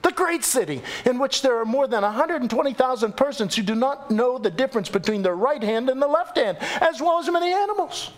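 A male pastor delivering a sermon in a high, expressive voice. His pitch swings widely as he tells the story and acts out the quoted speakers. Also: brisk, few pauses. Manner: animated storytelling preacher, acting out quoted voices.

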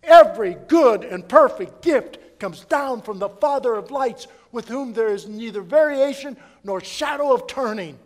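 A man preaching a sermon as pastor, swinging from loud emphatic preaching to hushed prayer in a church sanctuary. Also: very high-pitched, animated, measured pace, hardly any pauses, big-room sound.

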